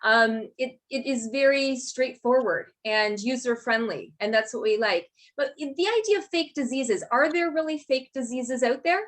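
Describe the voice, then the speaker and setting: A woman with a fairly high voice hosts an interview. She asks probing questions and sums up her guest's points with encouragement. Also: moderate pace, few pauses, fairly bright tone. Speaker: interviewer host. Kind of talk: interview chat.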